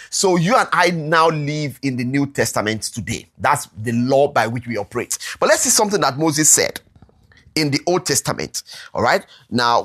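A Bible teacher leading an interactive lesson, reading verses slowly and deliberately and constantly asking the congregation "all right?". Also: medium pitch, fairly bright tone. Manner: checks in constantly with "all right?" and asks the room questions; reads scripture slowly and deliberately.

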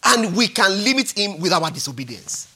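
A man in his forties preaching a sermon as pastor, animated and repetitive, often checking in with the congregation. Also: high-pitched, normal speed, slightly rough. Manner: animated, repetitive, peppered with "all right?" and "hallelujah".

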